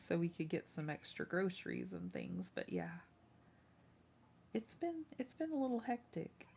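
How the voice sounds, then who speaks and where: A woman's voice: fairly low pitch, creaky, breathy edge. A woman hosting a casual craft livestream, chatting with viewers and scolding her cat. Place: home room.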